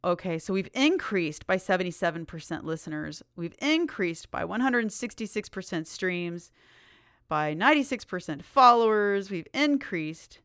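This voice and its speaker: A woman's voice: lowish voice, expressive, moderate pace, a bit bright, clean tone, no echo, studio quality. A woman hosting her own podcast in a bubbly, enthusiastic, chatty way. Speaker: podcast host. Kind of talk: casual solo podcast chat.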